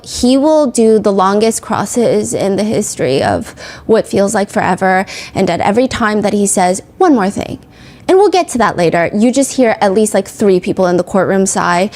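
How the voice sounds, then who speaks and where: A woman hosting a podcast in a casual, chatty way. She leans on "like" and tells her story with animated emphasis, at a middling pitch for a woman. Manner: chatty, heavy use of "like". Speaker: podcast host. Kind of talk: casual true-crime commentary.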